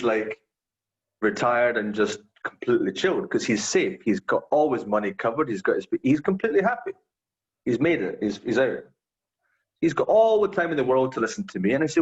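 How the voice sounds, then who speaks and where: A man chatting casually in a group video call, rambling and laughing easily. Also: medium pitch. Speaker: study group participant. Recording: dull lo-fi call audio.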